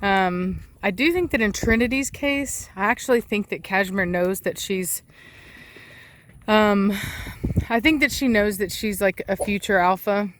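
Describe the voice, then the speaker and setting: A woman with a Texan accent, a dog breeder, chatting in a casual outdoor vlog and calling to her dogs in a high sing-song voice. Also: unhurried, slight background noise. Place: outdoors in a rural yard. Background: dogs barking and rural ambience.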